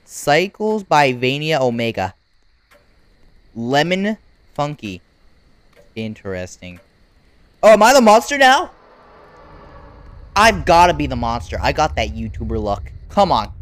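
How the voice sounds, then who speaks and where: A gaming YouTuber giving unedited play-by-play commentary, talking in casual slang and reacting loudly to what happens on screen. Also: mid-range voice, unhurried, pauses often, no room sound. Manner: excitable, reacts loudly to game events; casual slang-filled chatter. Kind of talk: unedited live gameplay commentary.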